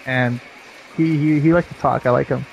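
A man's voice: medium pitch, fairly even intonation, moderate pace, creaky, lo-fi sound, slight background noise. A man co-hosting a casual chat, laid-back and laughing easily. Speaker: co-host. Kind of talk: casual chat over match footage.

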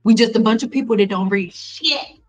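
A woman's voice: on the high side, brisk, soft background music, low-quality recording. Blunt, fired-up woman ranting live. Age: middle-aged. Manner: blunt, animated, talks straight to viewers with slang; frequent laughs and exasperated repetition. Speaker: cosmetologist and hair educator hosting a live Q&A. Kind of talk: casual live-stream rant. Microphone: desk mic.

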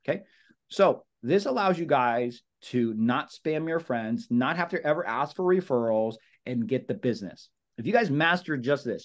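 A man coaching real estate agents at a team meeting. He speaks casually and with energy, repeats his points, and calls his listeners "guys" and "brother.". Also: medium pitch. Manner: energetic, repetitive, acts out sample phone calls. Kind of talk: team meeting training talk.

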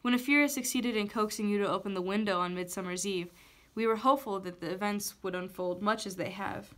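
A woman teacher reads a novel chapter aloud at a mid pitch, in a steady storytelling way. The delivery stays even and plain. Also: brisk.

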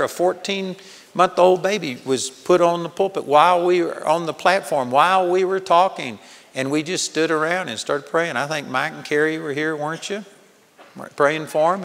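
A man's voice: on the high side, fairly bright tone, long reverb tail. An older man preaching a sermon at a Bible college, telling stories in an earnest manner. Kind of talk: sermon teaching. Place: large hall with audience.

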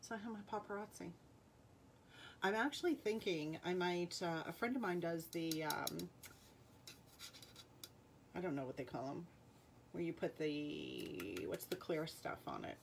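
A woman's voice: lowish voice, unhurried, creaky, long pauses, a little hiss or hum. A woman with a Rhode Island accent hosting a live jewelry sale, chatting casually and reading out viewer names and playing cards. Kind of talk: live-stream sales chat.

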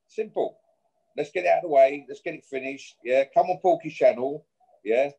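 A man's voice: a little high, normal speed, creaky, mellow, slightly rough, muffled recording. A man being interviewed, confrontationally challenging a rival and ending his points with "yeah?". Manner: confrontational, repeats "yeah?" after each point. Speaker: boxer issuing a challenge. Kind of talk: interview, trash talk.

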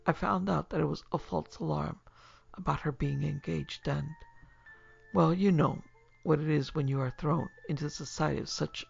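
A woman's voice: deep voice, steady tone, moderate pace, creaky, darkish tone, slightly rough, dull audio, soft background music, heavily acted. A woman voicing a feverish, tormented young male student in a storybook tale, rambling and dropping into dread-filled whispers. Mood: cheerful.

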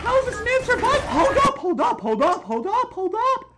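A woman with a very high-pitched, loud reaction voice. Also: big pitch swings, moderate pace. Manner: loud, incredulous, swearing and exclaiming; drops to a low voice and jumps back high for jokes. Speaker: reaction video host. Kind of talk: comedic reaction commentary. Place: at home. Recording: noisy home recording.

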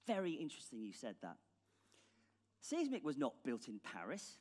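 British male keynote speaker, ironic and blunt, mid-pitched, long hall reverb. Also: huge pitch swings, moderate pace, a little mellow. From England. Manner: ironic, blunt, casual with swearing. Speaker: conference speaker. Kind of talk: conference keynote talk. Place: large conference hall stage.

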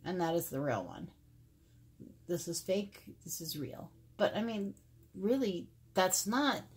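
A middle-aged woman talks casually to her viewers at home, comparing makeup in a rambling, filler-heavy way. Her voice sits on the low side for a woman. A faint hiss runs underneath. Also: darkish tone. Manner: chatty, rambling, many fillers. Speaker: beauty vlogger. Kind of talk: casual makeup review to camera. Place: home filming room.

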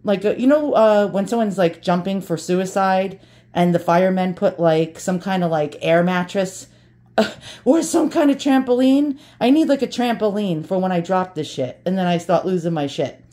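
A woman's voice: medium pitch, lively intonation, normal speed, dark tone. A brash, profane woman chatting casually to viewers as she unboxes antiques, joking and swearing as she goes.

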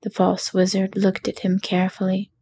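A woman narrating a bedtime audiobook in a calm, soothing whisper. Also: medium pitch, normal speed, slight background noise.

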